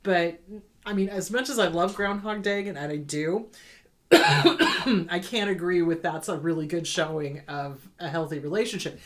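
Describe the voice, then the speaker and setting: A woman's voice: lowish voice, measured pace. A woman therapist hosting an advice show, talking through viewer letters in an earnest, conversational way and repeating words for emphasis. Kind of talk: casual advice talk answering viewer letters.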